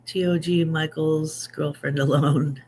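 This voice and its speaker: A woman's voice: sits low, fairly even intonation, unhurried, darkish tone, slight background noise. Chatty woman in her fifties hosting a live chat. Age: 50s. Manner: chatty, reads viewer comments aloud and answers them; self-deprecating and joking. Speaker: livestream host.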